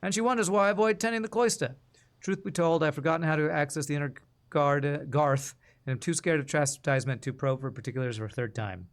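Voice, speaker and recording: A man's voice: on the high side, quick pace, close to an everyday voice. A man reading in-game notes aloud in a put-on British accent that drifts between Cockney and Australian, with a theatrical, lilting delivery. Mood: recitative.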